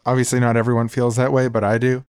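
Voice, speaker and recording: A man's voice: medium pitch, flat delivery, quick pace, a little mellow, smooth, no room sound, studio quality. A man co-hosting a podcast, explaining terms and chatting in an earnest way. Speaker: podcast co-host. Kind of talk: casual podcast chat.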